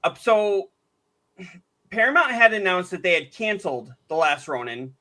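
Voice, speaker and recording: A man co-hosting a podcast in casual chat, an animated storyteller who acts out quotes with gusto. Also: high voice, moderate pace. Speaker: podcast co-host.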